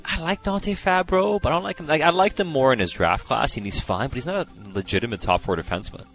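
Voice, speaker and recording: A man co-hosting a casual podcast chat, talkative and quick to laugh. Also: on the high side. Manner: laughs often, chatty, lively. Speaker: podcast co-host, hockey analyst.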